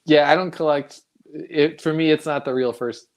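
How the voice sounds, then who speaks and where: A man co-hosting a casual livestream chat about comics, relaxed and a little hesitant. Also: fairly high pitch, normal speed.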